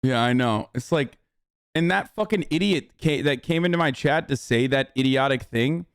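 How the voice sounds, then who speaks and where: A man's voice: medium pitch, moderate pace, vocal fry, clear, resonant tone, dry recording. A young man hosting a livestream, ranting in a casual, profane and argumentative way. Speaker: livestream host.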